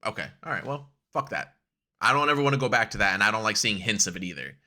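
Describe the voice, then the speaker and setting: A man's voice: lowish voice, expressive, fast, bright, forceful tone. A young man co-hosting a podcast, ranting in casual chat, swearing often and laughing a lot. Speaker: podcast co-host.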